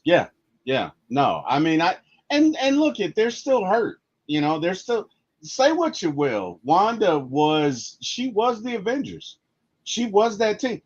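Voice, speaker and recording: A husky-voiced man talks about movies with lots of feeling. His pitch swings widely as he gets caught up in the story. The recording sounds muffled and lo-fi. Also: slow. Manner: animated, emotional storytelling. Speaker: podcast co-host. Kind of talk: casual movie discussion.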